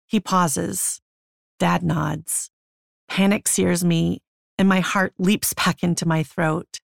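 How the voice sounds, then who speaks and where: A woman's voice: fairly low pitch, lively intonation, a little slow, vocal fry, no echo, studio quality. A woman reads her own memoir as an audiobook in an intimate, tense first-person style. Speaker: memoir author and narrator.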